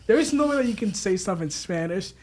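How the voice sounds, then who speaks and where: Animated high-voiced man in his twenties. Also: fast talker. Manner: animated, talks with lots of "like". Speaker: student or staff member. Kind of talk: casual group chat.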